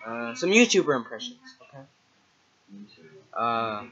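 A man's voice: a little high, measured pace, long pauses, pushed and bright. A young man chatting casually as a vlogger, with offhand, mumbled asides, on a dull lo-fi recording. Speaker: impressionist vlogger. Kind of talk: casual vlog chat.

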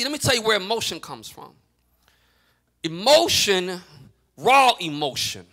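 A middle-aged male pastor preaching a sermon in a call-and-response style that builds to shouts. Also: high voice.

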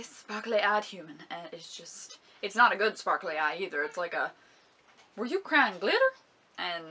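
A woman's voice: mid-range voice, sharp tone. A young woman vlogger chatting casually about beauty products, giggling often and complaining dramatically. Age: young adult. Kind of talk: casual product review vlog.

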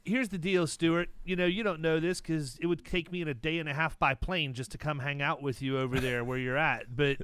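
Male podcast co-host, slightly high, crisp bright tone, friendly chat. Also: fairly even intonation, a little fast, hardly any pauses. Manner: friendly, chatty, laughs along. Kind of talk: casual podcast interview.

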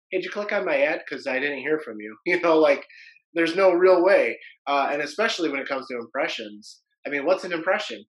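Male podcast host, bright forceful tone, chatty and thinking out loud. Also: a little high, low-quality recording. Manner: conversational, musing aloud. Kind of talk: casual interview.

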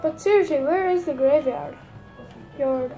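A woman's voice: sits high, measured pace, mellow, soft background music. A woman using a put-on Irish accent, giving rambling, hesitant gameplay commentary full of fillers. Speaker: gamer.

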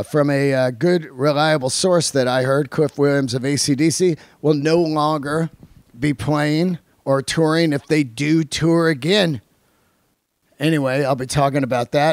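A man's voice: fairly high pitch, no room sound. Podcast host, male, raised voice, swears freely, rambles through stories, dry studio sound. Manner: loose, profane, rambling storyteller. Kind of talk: casual chat. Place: recording studio.

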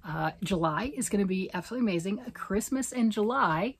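A woman's voice: medium pitch, lively intonation, brisk, slightly rough, no room sound. A middle-aged woman hosting a knitting and crochet vlog, rambling casually, poking fun at herself and asking rhetorical questions. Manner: rambling, self-mocking, asks rhetorical questions. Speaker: knitting and crochet channel host.

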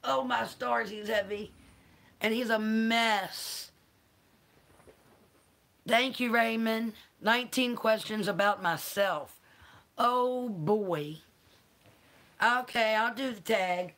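A woman with a Southern accent who talks slowly on a relaxed livestream. Her voice is bright, and she greets viewers by name and coos to her pets. She sounds a little tired. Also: fairly high pitch, gravelly. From American South. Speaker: livestream host. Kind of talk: casual livestream chat with viewers.

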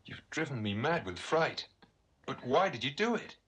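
An actor playing a distraught police inspector giving orders. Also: male voice, medium pitch, very animated, normal speed, fairly bright tone, slightly rough.

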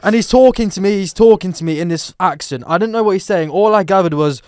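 A man hosting a podcast, telling a comic story in a lively, swearing, casual way and acting out the quotes. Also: high-pitched, fast talker, hardly any pauses, smooth, no room sound, studio quality. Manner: animated, swearing, acts out quotes. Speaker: podcast host.

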